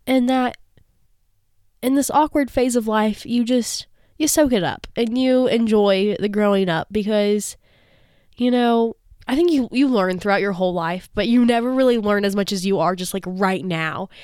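A woman's voice: mid-range voice, moderate pace, darkish tone, clear, resonant tone, no room sound, clean studio sound. A young woman co-hosting a podcast, teasing and laughing as she retells a story in a bubbly way. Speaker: podcast co-host. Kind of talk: casual chat.

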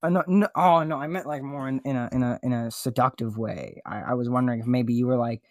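A man hosting a comedy podcast, goofy and flustered, his voice jumping up high when he panics. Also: fast, hardly any pauses, no room sound, studio quality. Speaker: podcast host. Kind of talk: comedic casual chat.

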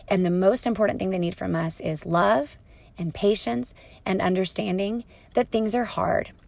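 Calm, patient woman giving parenting advice. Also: medium pitch, vocal fry, no room sound. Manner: calm, patient, explanatory, soft-spoken at times. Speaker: parenting educator.

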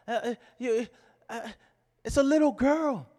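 A man preaching a sermon as pastor, swinging between fervent shouting and quiet storytelling, with repeated rhetorical questions. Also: extremely high pitch, a little slow.

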